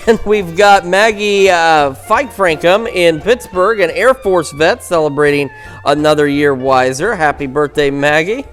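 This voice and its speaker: A man's voice: fairly high pitch, a little slow, fairly bright tone, faint music behind. A man anchoring a local morning newscast and giving the weather forecast, chatty and upbeat, with the odd stumble.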